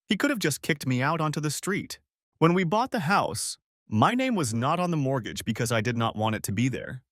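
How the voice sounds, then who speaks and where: A man reading a first-person story aloud as scripted audiobook narration, in an even storytelling tone. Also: lowish voice, dry recording, clean studio sound.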